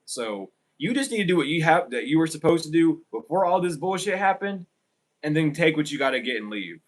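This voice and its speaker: A man's voice: fairly high pitch, animated, a little fast, low-quality recording. A man giving a casual spiritual tarot reading, blunt and emphatic, swearing often and repeating himself. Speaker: tarot reader.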